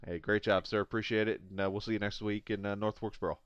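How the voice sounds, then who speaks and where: A man's voice: fairly low pitch, steady tone, fast talker, clean tone, no echo, highs cut off. A man hosting an esports racing broadcast, interviewing drivers after the race in a jokey, chatty way with lots of "uh" fillers. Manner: jokey, laughs often, many "uh" fillers. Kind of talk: post-race interview chat.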